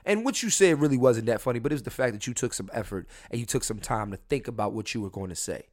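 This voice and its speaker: A man's voice: medium pitch, lively intonation, fast. A young man hosting a solo podcast, talking in a crude, rambling, jokey way with lots of swearing and restarts. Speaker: podcast host.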